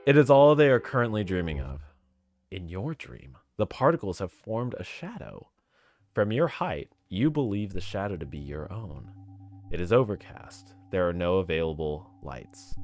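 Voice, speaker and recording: This gamer's voice is low, a little mellow and sing-song, moving at a moderate pace as he reads a story game's text aloud. He laughs and cracks jokes between the lines of narration.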